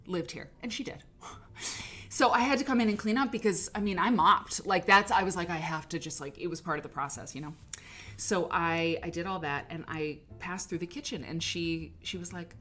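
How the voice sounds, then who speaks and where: A woman hosts a live stream with a lowish voice, chatting loosely and circling back as she rambles. Her talk is full of filler words and quick laughs. Soft music plays faintly behind her. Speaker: livestream host. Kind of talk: casual chat.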